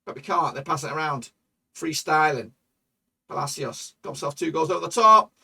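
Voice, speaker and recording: A man commentating his own football management game for viewers, excitable and swearing, shouting at goals. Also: on the high side, brisk, vocal fry, breathy edge, distant mic. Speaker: gaming YouTuber.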